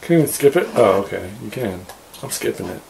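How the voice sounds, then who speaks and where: A man's voice: on the low side, lively intonation, fast talker, vocal fry, crowd noise, low-quality recording. A young man commenting on a video game he plays, grumbling and sarcastic about it. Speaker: gamer. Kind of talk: gameplay commentary. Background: game music.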